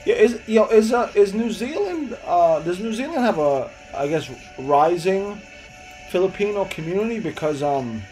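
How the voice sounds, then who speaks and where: A man's voice: high-pitched, lively intonation, normal speed, a little mellow, faint music behind, poor audio. Laid-back young man. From Hempstead, New York. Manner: loose, rambling, laughs often, answers chat. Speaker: live streamer. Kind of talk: casual live-stream chat.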